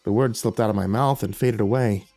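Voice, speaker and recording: A man narrating a first-person horror story in a measured, tense way. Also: lowish voice, fairly even intonation, warm tone, no echo, faint music behind.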